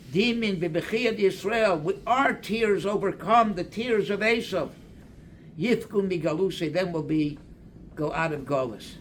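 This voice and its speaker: Older rabbi preaching real slow, kinda high voice, little hiss behind. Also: male voice. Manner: slow, deliberate, mixing Hebrew and Aramaic quotes with English. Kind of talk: sermon.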